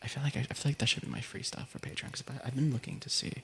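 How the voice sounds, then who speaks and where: Giggling and playful, this young man keeps interrupting himself as he whispers through an ASMR stream, chatting and reading stories. He talks rapid-fire at a mid-range pitch in a steady tone, gravelly, pushed and bright. A little hiss or hum sits under the recording.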